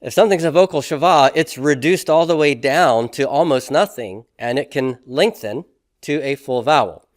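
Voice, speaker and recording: A man's voice: a little high, moderate pace, no room sound, clean studio sound. A man teaching a classroom lesson on grammar, explaining step by step and often checking in with "okay?" and "right?". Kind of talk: classroom lecture.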